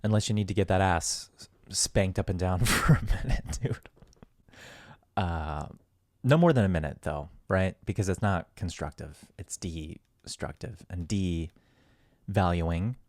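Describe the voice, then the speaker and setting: A man's voice: sits low, slow pace, dry recording, clean studio sound. A man hosting a podcast in goofy, rambling, profane casual talk. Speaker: podcast host.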